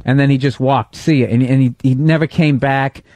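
A man with a Boston accent hosting a podcast, chatting casually and telling quick, animated stories with plenty of swearing. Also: medium pitch, dry recording. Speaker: podcast host. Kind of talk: casual comedic chat.

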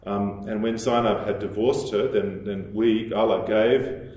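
A man with a lowish voice delivers a lecture in a strongly echoing room. He explains at a measured pace, quoting texts and pausing on the odd filler. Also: fairly even intonation, a little mellow. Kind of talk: recorded lecture. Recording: very echoey room.

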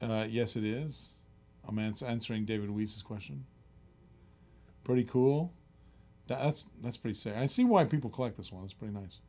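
A man's voice: medium pitch, normal speed, long pauses, a little mellow. A middle-aged man hosting a live-stream auction in casual, rambling chatter, often chuckling and reading out bids.

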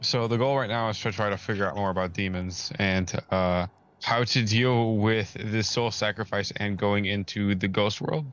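A man's voice: lowish voice, fairly even intonation, moderate pace, fairly bright tone, highs cut off, faint music behind. A man playing in a tabletop game, talking casually and cursing when thrown off. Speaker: player.

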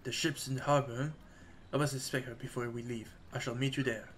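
A man's voice: medium pitch, flat delivery, a little fast, fairly bright tone, a little hiss or hum, natural voice. A man voicing an old, grieving sea captain who speaks in a blustery, old-fashioned formal way. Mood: tender. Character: Admiral Bobbery, gruff grieving old male sailor.

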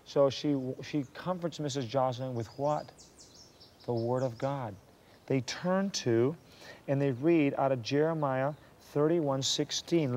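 A man's voice: mid-range voice, darkish tone, a little hiss or hum. A man telling a historical story from a Christian view, earnest and given to preachy asides to his listeners.

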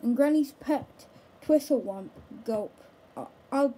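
Slow, mellow woman reading a story. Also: high voice, animated, husky, rough recording. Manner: slow, careful reading with small stumbles. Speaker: storybook reader. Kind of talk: reading a children's book aloud.

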